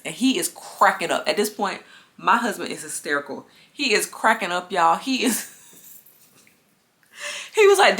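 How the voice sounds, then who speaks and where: Woman vlogger, somewhat low and bright voice, chatty, casual storytime delivery to viewers. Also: very animated, normal speed. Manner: chatty, addresses viewers as y'all. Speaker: lifestyle vlogger.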